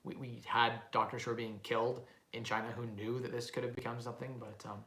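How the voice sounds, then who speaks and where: A man's voice: mid-range voice, quick pace, roomy sound. A man, rambling animatedly through a casual live-stream Q&A as a real estate investing host. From Canada. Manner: rambling, animated, lots of "like" and "right?".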